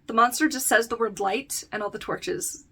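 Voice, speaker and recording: Here is a bright, crisp young woman talking a little higher than most as she recaps a book chapter for a review video. She chats loosely with plenty of fillers and frequent laughs, and now and then she slips into reading lines straight from the text. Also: moderate pace. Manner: chatty, filler-heavy, laughs often, reads book passages aloud. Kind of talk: casual book-versus-show recap.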